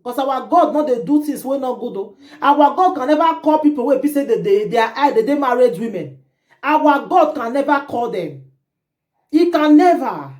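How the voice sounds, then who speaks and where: A woman vlogger with a Nigerian Pidgin accent, telling a gossip story to her viewers in an animated, indignant way. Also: high voice, moderate pace. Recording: roomy echo.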